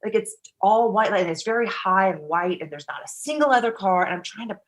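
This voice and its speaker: A woman's voice: mid-range voice, lively intonation, a little fast. A woman speaking as a podcast guest, her voice sitting in an ordinary middle register. She tells a personal story candidly and at length, stopping and restarting her sentences and breaking into the voices of people she quotes. Now and then she swears casually. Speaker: guest, actor.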